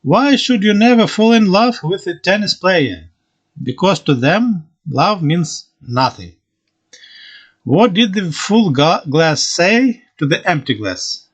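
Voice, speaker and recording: A man hosting a joke podcast, reading one-liners in a slow deadpan way with occasional slips and restarts. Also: high-pitched, husky.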